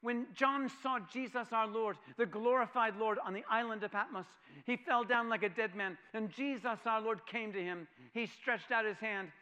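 A man delivers a sermon in a high, ringing voice. He asks his hearers questions and repeats key phrases for weight. His delivery moves between hushed, almost whispered lines and loud, bright proclamation. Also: normal speed, hardly any pauses, clean tone, highs cut off. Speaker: preacher.

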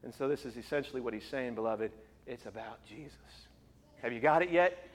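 A man preaching a sermon as pastor, emphatic, with forceful repeated phrases. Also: medium pitch, a little fast, in a large hall, a little hiss or hum. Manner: emphatic, rising to forceful repetition.

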